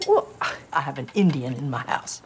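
A woman's voice: very deep voice, lively intonation, moderate pace, a little mellow. An actress playing a sick, bitter, bigoted older mother who speaks bluntly and cuttingly, in a film clip. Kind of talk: film drama acting. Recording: film clip with clear background noise.

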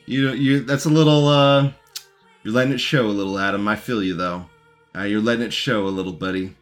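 A man's voice: fairly low pitch, fairly quick, faint music behind. A man giving casual, mocking commentary as he reacts to a recorded debate and talks back to it.

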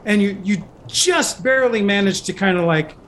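A man's voice: sits high, moderate pace, fairly bright tone, slight background noise. A man narrating as game master, rambling with many fillers.

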